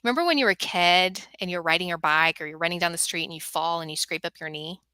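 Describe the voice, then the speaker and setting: A middle-aged woman who hosts a podcast and runs workshops for moms, speaking as a guest in an earnest, animated way. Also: on the low side, quick pace, clean tone, no room sound. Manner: earnest, animated storytelling with acted quotes. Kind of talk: guest on a talk show.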